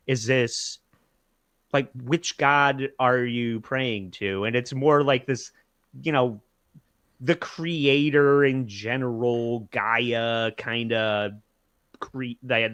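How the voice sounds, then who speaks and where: A man on a podcast who thinks aloud in casual chat, with halting restarts. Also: mid-range voice, fairly bright tone, clear, resonant tone, dry recording. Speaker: podcast guest.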